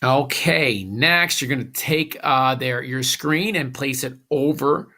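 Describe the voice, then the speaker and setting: A man teaching a recorded classroom phonics lesson, giving slow, patient instructions with a few "uh"s. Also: mid-range voice, bright, forceful tone.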